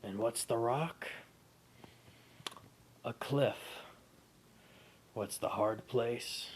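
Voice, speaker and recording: A man's voice: medium pitch, very slow, a little hiss or hum. A man casually telling an improvised adventure story and correcting himself as he goes. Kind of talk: improvised fan-fiction storytelling.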